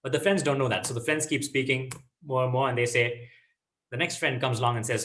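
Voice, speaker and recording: A man's voice: mid-range voice, steady tone, fairly quick, fairly bright tone. A man teaching a casual Bible lesson to teens, checking in often with "okay?" and "right?".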